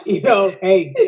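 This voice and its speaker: A woman's voice: medium pitch, mellow. A woman guest in a casual interview, giving emphatic, preachy advice. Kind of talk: casual chat.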